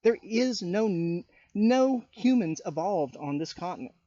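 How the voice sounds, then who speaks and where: A man's voice: sits high, lively intonation, measured pace, mellow, no room sound, muffled recording. A man ranting on his vlog, indignant, calling people out by name and firing rhetorical questions at them. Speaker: YouTuber. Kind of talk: political rant vlog.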